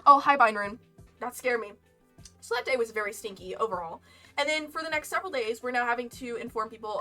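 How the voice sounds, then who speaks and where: A woman's voice: a little high, lively intonation, fast, bright, forceful tone, far from the mic. A young woman streamer telling a casual story, chatty and rambling with frequent laughs. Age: young adult. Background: lo-fi game music.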